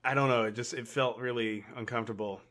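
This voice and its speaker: A man co-hosting a podcast speaks fast in a medium-pitched, fairly bright voice with a steady tone. He casually retells movie scenes, acting out the characters' lines and swearing now and then.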